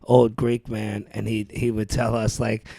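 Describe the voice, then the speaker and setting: A young man co-hosting a podcast, telling animated stories and laughing often. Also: fairly low pitch, unhurried, vocal fry, dry recording, studio quality. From Ohio. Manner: animated storyteller, laughs often, acts out quoted voices. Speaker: podcast co-host. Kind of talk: casual podcast chat.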